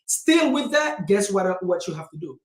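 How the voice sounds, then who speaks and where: A man hosting his own video, giving casual, energetic real estate advice straight to viewers and calling them guys. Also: sits high, normal speed, echoey room. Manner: energetic, direct, keeps calling viewers 'guys'. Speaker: real estate investor and channel host. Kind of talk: casual motivational vlog talk. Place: indoor room with a self-made backdrop.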